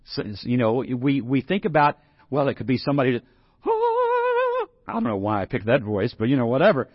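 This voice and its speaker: A man's voice: medium pitch, fast, slightly rough, no room sound, highs cut off. A man preaching a sermon in a conversational way, rising to emphatic scripture reading. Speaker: pastor.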